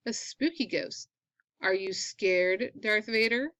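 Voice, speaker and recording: A woman's voice: medium pitch, takes it slowly, a bit bright, no echo, dull audio. A woman reading a picture book aloud to children, with playful questioning. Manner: playful questioning, storybook delivery. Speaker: reader.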